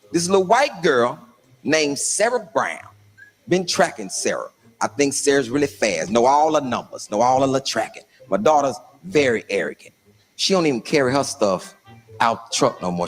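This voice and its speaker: A middle-aged man telling stand-up comedy stories in a lively, punchy way. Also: medium pitch.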